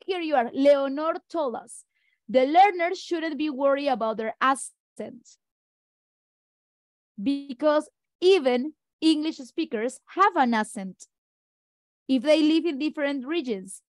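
With no echo in the audio, a woman with a high voice and Spanish as her first language delivers an online lecture for teacher training. Her pace is fast and brisk, and she addresses her colleagues head-on.

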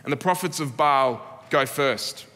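A man's voice: mid-range voice, unhurried, pushed and bright. An Australian man preaching a sermon as pastor, earnest and laced with dry humour. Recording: long reverb of a church hall.

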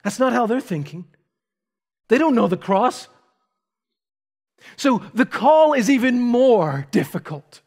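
A man preaching a sermon as pastor, speaking emphatically with dramatic pauses and rising intensity. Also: very high-pitched, very animated, darkish tone. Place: church sanctuary.

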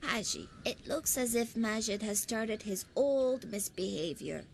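A scolding old cartoon grandmother who speaks slowly with a lively, rising and falling voice. Faint noise sits behind her. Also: on the high side, gravelly. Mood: indignant.

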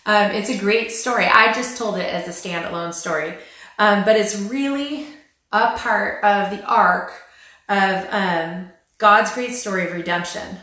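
A woman teaches from scripture in a relaxed, chatty way, with a dry, sarcastic streak and plenty of "um"s. Her pitch sits in a middle range. She is recorded in a very echoey room. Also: measured pace. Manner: frequent "um" fillers and light laughs. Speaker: Christian family Bible teacher. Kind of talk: casual spoken Bible teaching.

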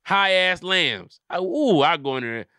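Bright, crisp-voiced comedian riffing profanely. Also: male voice, sits high, expressive, a little slow, no echo, studio quality. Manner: profane riffing, acts out little scenes. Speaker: comedian podcast host. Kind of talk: casual comedic chat.

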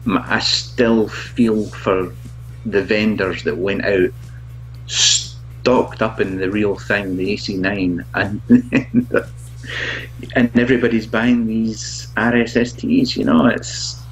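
Slow, low-voiced man reviewer. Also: steady tone, soft background music, rough recording. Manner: halting, laughs often, self-mocking. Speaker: product reviewer, guest. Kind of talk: casual video chat.

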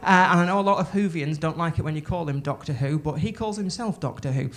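A woman doing stand-up, telling a story in an excitable, sweary, rambling way full of restarts, on a comedy club stage with a handheld mic. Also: sits low, fast talker.

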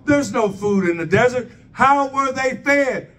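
A man preaches a sermon in a high, fairly bright voice, unhurried but lively in intonation, putting rhetorical questions to the congregation. He sounds far from the microphone, set back from it.

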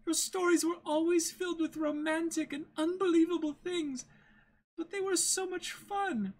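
A man voicing a frail, gentle young woman, pleading and tearful in a breathy falsetto, in a dramatic comic reading. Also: steady tone, moderate pace. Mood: hurt, reproachful.

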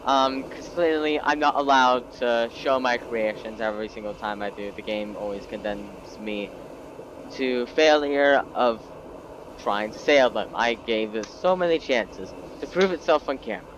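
A man's voice: mid-range voice, measured pace, a bit bright, highs cut off, slight background noise. A man giving gameplay commentary, self-mocking and exasperated as things go wrong. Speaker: gameplay video creator.

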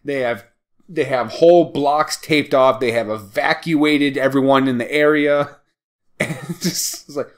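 A man's voice: mid-range voice, fairly even intonation, a little slow. A man co-hosting a podcast, chatting casually about a film, rambling with many fillers and frequent laughter. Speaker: podcast co-host. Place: small town.

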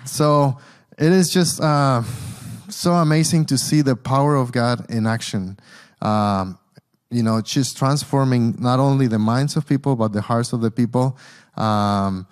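A man's voice: mid-range voice, measured pace, clear, resonant tone. A man with a Mexican Spanish accent, a guest speaker telling a church his mission story with slides, earnest and storytelling, often restarting his sentences.

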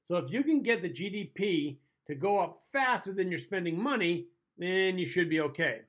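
A man with a fairly high voice talks through a comic monologue as the show's host. He keeps it conversational and chuckles at his own jokes, pausing now and then to toast his drink. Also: animated, a bit bright. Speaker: comedy show host. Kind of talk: scripted comedic monologue.

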